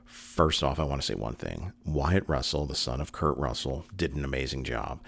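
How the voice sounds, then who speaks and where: A man with an extremely deep voice reviews a show in a casual, rambling way. He doubles back on words, leans on fillers, and slips into quoted lines of dialogue as he talks. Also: expressive, moderate pace, vocal fry, fairly bright tone. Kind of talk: casual spoken commentary.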